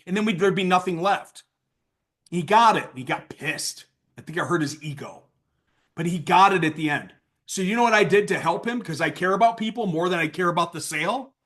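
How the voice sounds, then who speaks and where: High-voiced guy running a sales training, blunt, gets worked up then drops low. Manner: blunt and worked up, swings from loud outbursts to low asides. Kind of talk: casual training talk.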